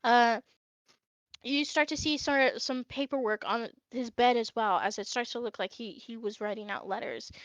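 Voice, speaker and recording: A woman's voice: a little high, normal speed, no echo. A woman narrating as game master of a tabletop game, hesitant and full of fillers.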